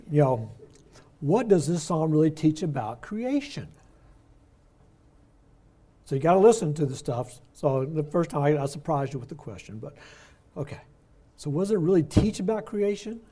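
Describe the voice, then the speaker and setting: An older man leading a Bible study, his voice on the high side for a man but mellow and soft-edged. He talks conversationally, slowing down to lean on the words he wants to stress. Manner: conversational, explains words slowly with emphasis.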